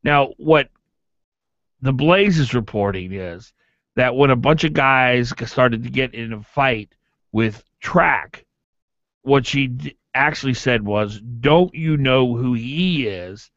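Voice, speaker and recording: A man hosts a morning talk radio show, pressing his opinions with emphatic energy. His voice sits at a middle pitch. The sound is dry and muffled, like an AM radio broadcast. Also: slow pace, no room sound. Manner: emphatic, animated, argumentative. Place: radio studio.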